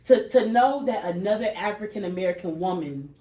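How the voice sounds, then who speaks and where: A woman hosting a casual podcast chat, animated and repeating phrases for emphasis. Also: mid-range voice, brisk. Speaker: podcast host. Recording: echoey room with faint noise.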